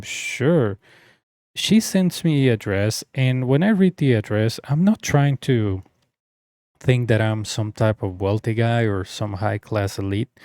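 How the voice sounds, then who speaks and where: A man's voice: fairly low pitch, darkish tone, dry recording, studio quality. A young man telling a personal story in a casual, rambling way, full of fillers and restarts. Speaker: story reader.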